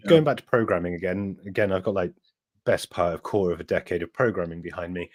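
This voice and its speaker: A man's voice: low-pitched, fast talker, dry recording. A man from Wiltshire with a West Country English accent, chatting as a podcast guest, rambling and restarting his sentences. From Wiltshire, England. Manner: rambling, self-interrupting, laughs easily. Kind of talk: casual podcast chat.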